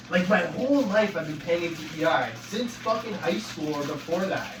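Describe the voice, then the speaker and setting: A man venting in a profane rant, swearing constantly and rising to angry shouts. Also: a little high, lively intonation, normal speed, few pauses. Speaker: vlogger. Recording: echoey room, far from mic, noisy.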